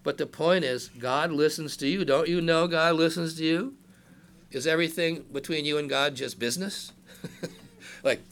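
An older man in his sixties gives a chatty sermon, full of asides and jokes to the people in front of him. His voice is gravelly with a bright, forceful edge, and it rises whenever he reads scripture aloud. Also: a little high, moderate pace. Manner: conversational preaching with asides and jokes. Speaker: pastor.

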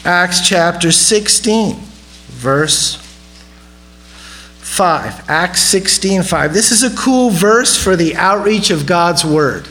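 A man's voice: high-pitched, expressive, takes it slowly, sharp tone, rough recording. A man preaching a sermon in a conversational way, often asking the audience questions. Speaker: pastor.

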